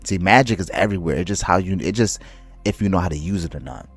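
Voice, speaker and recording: Casual male streamer, very low voice, slangy and excitable, stutters and restarts his words. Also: quick pace, slightly rough, faint music behind. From United States. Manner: loose slangy talk, calls viewers bro. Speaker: livestreamer. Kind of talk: casual livestream chat, reading viewer comments.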